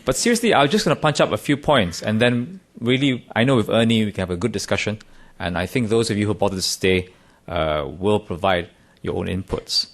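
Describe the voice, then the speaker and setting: A man's voice: lowish voice, brisk. A middle-aged man from Singapore giving a conference talk in a wry, self-deprecating way, with emphatic stresses. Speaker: conference speaker. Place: conference room.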